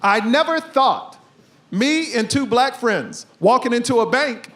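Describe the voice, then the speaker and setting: A man's voice: very high voice, expressive, measured pace, a bit bright. A male stand-up comedian on a club stage, punchy and calling out to the audience. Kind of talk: stand-up set.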